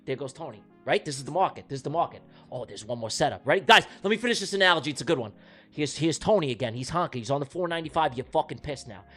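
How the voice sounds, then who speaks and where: High, lively man hosting a livestream. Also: racing, soft background music. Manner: animated, profane storytelling; talks directly to the audience. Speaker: trading livestream host. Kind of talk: livestream chat.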